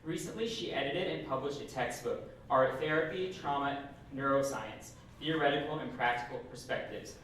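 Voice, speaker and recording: A young man reads a formal scripted introduction as a student host in a large hall. He sits far from the microphone, so a heavy room echo hangs on his voice, with faint noise and a low rumble behind him. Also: moderate pace, few pauses, a bit bright. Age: young adult. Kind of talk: read introduction.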